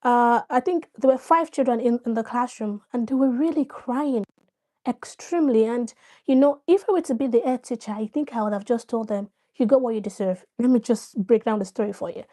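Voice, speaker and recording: Woman, high mellow voice, chatty live-stream host, explains with examples. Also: fairly quick. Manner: chatty, greets viewers by name, explains with examples. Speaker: live-stream host giving parenting advice. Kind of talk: casual live-stream talk.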